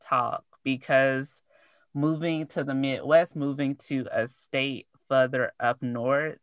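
A woman from Arkansas with a Southern accent, chatting casually in a slow, easy cadence. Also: a bass voice, fairly even intonation, dry recording. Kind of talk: casual chat.

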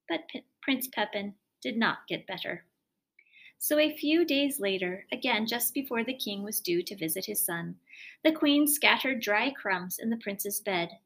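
A woman reading a fairy tale aloud in an expressive, lively storytelling manner. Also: medium pitch, a little slow.

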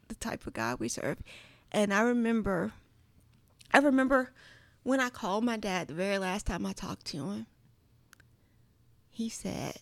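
A guest with a mid-range, gravelly voice earnestly recounts a heartfelt family story in casual conversation, her speech peppered with "like." There's no echo on the recording.

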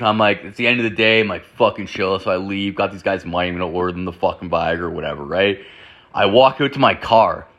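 Guy with a bright forceful voice, swearing a lot while he rambles through a story, says like constantly. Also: on the low side. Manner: rambling, heavy swearing, lots of "like". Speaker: show host. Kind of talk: profane comedic storytelling.

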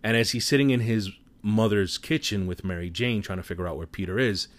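A man giving a casual spoiler movie review, retelling scenes in an animated, profane storytelling manner. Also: lowish voice, brisk.

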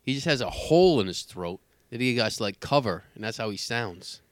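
A man in casual conversation whose pitch swings widely as he jokes and swears his way through stories. He keeps an animated, lively delivery, and the recording sounds dry and close. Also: brisk, no echo. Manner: animated, profane, joking. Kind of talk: casual chat.

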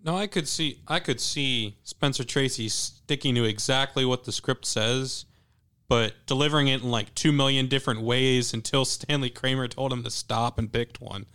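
A man co-hosting a casual film chat, curious and animated as he tells what he noticed. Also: medium pitch, moderate pace, clean tone. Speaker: podcast co-host.

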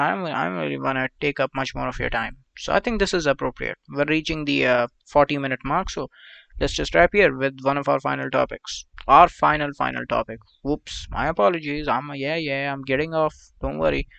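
Gravelly man rambling crudely on a podcast. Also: mid-range voice, fairly bright tone, dry recording. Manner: meandering, with frequent fillers and asides. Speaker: podcast host.

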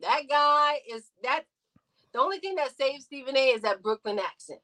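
Woman, podcast guest, bright and forceful voice, fairly high, emphatic, animated casual debate. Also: moderate pace, low-quality recording. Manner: animated, emphatic storytelling with loud outbursts. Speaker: podcast guest, radio show host.

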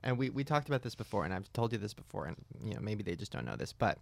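Gravelly young man, teasing podcast co-host. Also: fairly low pitch, lively intonation, racing, dry recording. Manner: teasing, joking, loud laughs. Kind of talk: casual podcast chat.

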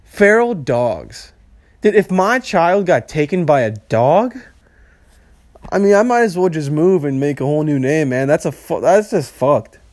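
A man's voice: on the high side, animated, unhurried, a little mellow, dry recording. A young man hosting a solo podcast, rambling and swearing freely and laughing at his own jokes. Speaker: podcast host. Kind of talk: casual solo podcast rant.

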